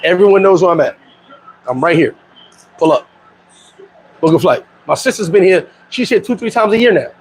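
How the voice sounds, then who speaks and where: High-voiced, slangy middle-aged man vlogging. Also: moderate pace, long pauses, husky, low-quality recording. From New York. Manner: animated and slangy, laughs often. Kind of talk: casual livestream chat, reading comments.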